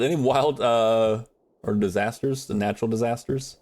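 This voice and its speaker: A man chatting casually on a live gaming stream, rambling and animated as he reads and answers chat from his viewers. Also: on the low side, normal speed. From United States.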